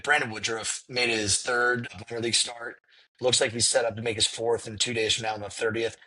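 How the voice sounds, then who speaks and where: A man's voice: fairly low pitch, bright, forceful tone, breathy edge, low-quality recording. A man hosting a casual sports podcast, steering the talk from topic to topic. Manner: runs the agenda, quick topic jumps. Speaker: podcast host.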